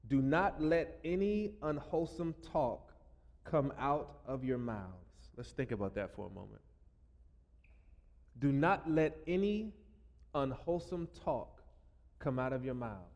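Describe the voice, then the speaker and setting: A man's voice: mid-range voice, long reverb tail. A man preaching a sermon as pastor, joking with the congregation and breaking into laughing asides. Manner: playful, jokey preaching with bursts of loud laughing asides. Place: church sanctuary.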